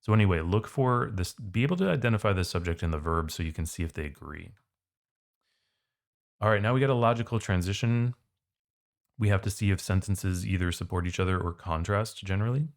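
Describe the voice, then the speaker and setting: A man tutoring for the SAT, walking through test questions in a casual, conversational way. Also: low-pitched. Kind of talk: test prep walkthrough.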